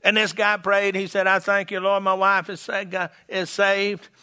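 A man preaching an evangelistic sermon, fiery and folksy, shouting at the peaks and dropping low and quiet to tell stories. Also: little pitch movement, moderate pace, smooth. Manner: folksy, humorous.

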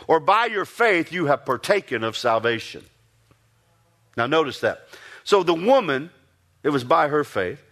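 A man preaching a sermon in a conversational way, asking the listeners questions and raising his voice for emphasis. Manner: animated, rising pitch for emphasis.

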